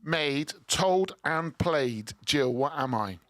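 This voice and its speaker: Jokey radio host man, slightly higher voice. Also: animated, slow pace, a bit bright, no echo, studio quality. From Cornwall. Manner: jokey, teasing, laughs often. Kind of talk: live charity radio banter. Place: radio studio. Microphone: studio microphone with headphones.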